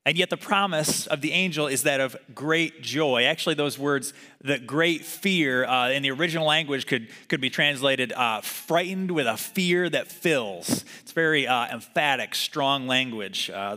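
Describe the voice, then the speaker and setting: A man's voice: medium pitch, sharp tone. A man preaching a sermon in a conversational way, asking the congregation to repeat words after him. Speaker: pastor. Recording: long hall reverb.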